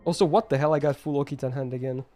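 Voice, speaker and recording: A man's voice: medium pitch, fairly even intonation, racing, mellow, soft background music. A man streaming a game live, ranting emphatically and answering his chat.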